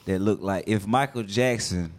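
A man's voice: fairly low pitch, normal speed, a little mellow. A man hosting a podcast in a casual, joking way, teasing his guest in loose slang. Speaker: podcast host. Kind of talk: casual chat.

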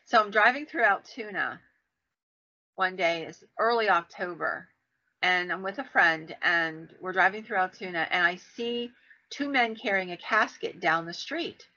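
Woman podcast host telling stories, bright punchy voice, acts out the quotes, muffled lo-fi sound. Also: measured pace. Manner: animated, acts out quoted voices with big pitch jumps. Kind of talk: casual storytelling. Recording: dull lo-fi sound.

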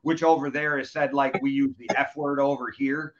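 A man's voice: mid-range voice, level tone, normal speed. A man hosting a casual chat, loose and joking, swearing freely. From United States. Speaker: podcast host. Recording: dull lo-fi sound.

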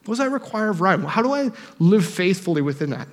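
A young man preaching a sermon as pastor, animated and joking in a conversational way. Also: high voice, fast. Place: church sanctuary. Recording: long reverb of a church hall.

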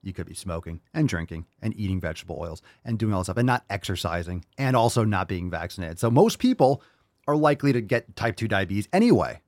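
A man's voice: fairly low pitch, expressive, fast, darkish tone, no echo, clean studio sound. A man hosting a podcast, delivering a heated, profane opinion monologue with mocking asides. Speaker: podcast host.

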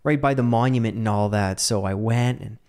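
A man's voice: on the low side, a little fast, a little mellow, clear, resonant tone. A man hosting a solo podcast, talking casually in a rambling, self-mocking, jokey way with frequent laughs. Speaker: podcast host.

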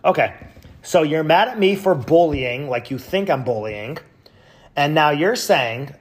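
A man hosting a podcast, reading out tweets with sarcastic, mocking commentary and sudden loud yells. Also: a little high, lively intonation, measured pace. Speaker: podcast host.

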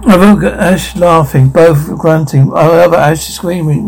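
A man's voice: a little high, a little slow, gravelly, hardly any pauses, darkish tone, rough recording. A man doing an amateur voice-over of a film scene, reading the sound cues out between lines.

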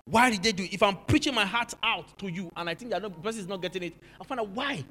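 A pastor preaching a sermon, moving from low, musing talk to shouted rebuke. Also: male voice, quick pace, big-room sound.

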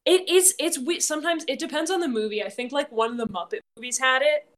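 Emphatic, teasing woman, slightly high. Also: quick pace, a bit bright. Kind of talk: casual chat.

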